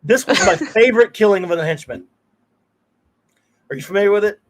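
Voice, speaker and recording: A male podcast host talking in a casual, meandering way. His voice sits a little high for a man, and he often circles back and restarts his sentences. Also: expressive, very fast. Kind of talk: casual chat.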